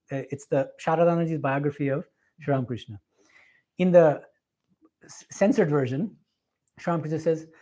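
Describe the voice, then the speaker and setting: A man's voice: sits high, pushed and bright. A man in his forties, a monk giving a spiritual lecture to a live audience and telling stories with earnest emphasis. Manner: earnest, emphatic storytelling with laughs. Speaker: visiting swami giving a talk. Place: meditation hall with a live audience.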